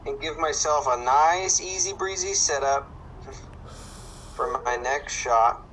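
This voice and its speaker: Bright-voiced man explaining game tips. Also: a little high, slow pace, slight background noise, low-quality recording. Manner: relaxed, explaining tips step by step. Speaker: host. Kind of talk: casual gameplay commentary.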